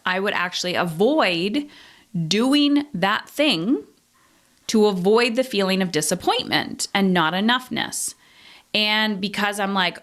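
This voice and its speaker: A woman in her thirties talks alone into a podcast mic, reflective and frank. She speaks at a middle pitch, questions herself out loud and lets the odd curse slip in a casual way. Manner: candid, introspective, swears casually. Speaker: podcast host. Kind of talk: reflective solo podcast talk.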